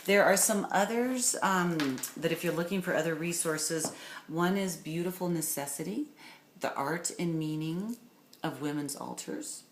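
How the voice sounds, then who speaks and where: Low-voiced woman lecturing in an echoey room. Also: a little slow. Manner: rambling, warm enthusiasm with many fillers and restarts. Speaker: course instructor. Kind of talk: recorded lecture for an online course. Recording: echoey room with faint noise.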